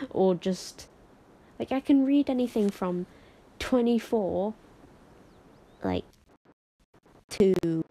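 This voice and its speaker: A woman's voice: mid-range voice, creaky, dark tone, low-quality recording. A woman streamer chatting casually while gaming, rambling and giggly, sleepy late at night. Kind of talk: casual live-stream chat.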